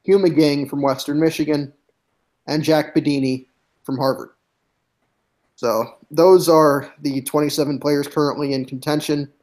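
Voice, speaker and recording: A man on a hockey podcast, reading through a team roster name by name in a measured, steady way. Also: on the high side. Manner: reads lists of names in a measured, steady way. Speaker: guest hockey analyst.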